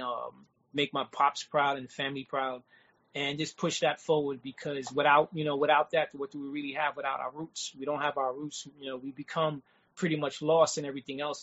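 A man's voice: fairly high pitch, a bit bright. Laid-back New man in his forties. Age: 40s. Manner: streetwise, laid-back, keeps saying "you know what I'm saying". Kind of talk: casual chat. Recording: dull lo-fi sound.

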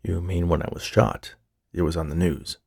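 A man's voice: sits low, fairly even intonation, normal speed, gravelly, a little mellow, slightly rough, no echo, full character voice. A man voicing a skeptical, guarded detective who speaks in a dry, restrained way.

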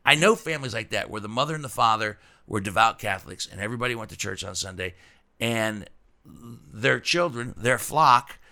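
A man's voice: medium pitch, animated, moderate pace, bright, forceful tone. A man hosting a podcast in casual chat, often stopping, restarting and repeating his words. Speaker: podcast host.

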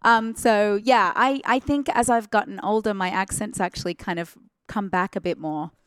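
A woman's voice: medium pitch, fairly even intonation, moderate pace, smooth, no echo. A woman in her forties with an Australian accent, chatting as a guest in a studio interview and laughing often. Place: radio studio.

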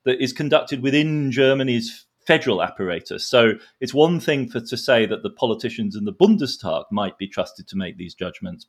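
A man giving a detailed, explanatory analysis in a podcast discussion, drawing analogies as he goes. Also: mid-range voice. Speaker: expert guest.

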